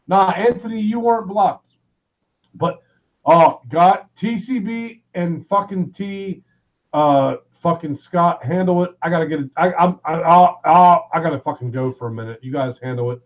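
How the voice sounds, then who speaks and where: A man hosting a livestream in a casual rant, loud and excitable, swearing constantly and shouting people's names. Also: high-pitched, normal speed, muffled recording. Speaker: livestream host.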